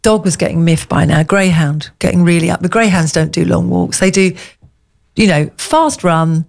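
Chatty woman, lower voice. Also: moderate pace, vocal fry. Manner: chatty storyteller, animated, rambling anecdotes. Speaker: co-host. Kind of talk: casual chat.

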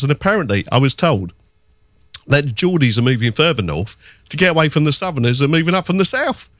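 A middle-aged man calling in, telling a rambling story with animated put-on voices. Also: on the high side, fast, no echo, studio quality. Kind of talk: casual phone-in chat.

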